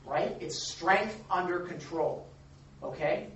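A man pastor delivers a lively, conversational sermon. He is heard from a distance in an echoey room with faint ambience behind him. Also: a little high, moderate pace, a little hiss or hum. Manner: animated, acts out quoted voices, chuckles. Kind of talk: sermon with congregation. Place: church or meeting room.

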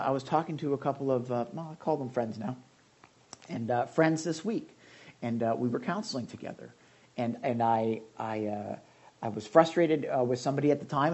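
A man's voice: medium pitch, a little mellow. A male pastor giving a conversational sermon, calling on listeners by name.

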